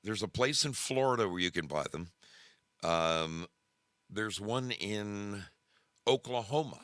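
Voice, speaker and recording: Deep-voiced animated male livestream host. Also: takes it slowly, no room sound, studio quality. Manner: animated, emphatic, repeats himself. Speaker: show host. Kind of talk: casual livestream chat.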